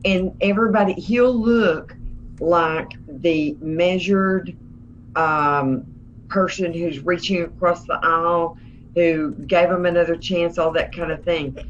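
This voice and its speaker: A woman's voice: lowish voice, steady tone, takes it slowly, slight background noise. A woman co-hosting a political livestream, talking in a sarcastic, emphatic, folksy way. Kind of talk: casual political commentary. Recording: dull lo-fi stream audio.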